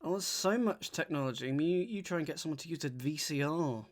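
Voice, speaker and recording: On a live stream, a man works through a crossword, thinking aloud, reading clues slowly and chatting with viewers. His voice is fairly high and animated.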